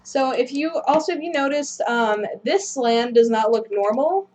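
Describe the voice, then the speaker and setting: A woman's voice: high voice, expressive, moderate pace, a little mellow. A woman hosting a gameplay video, rambling through casual commentary and apologizing self-deprecatingly. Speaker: gaming video host.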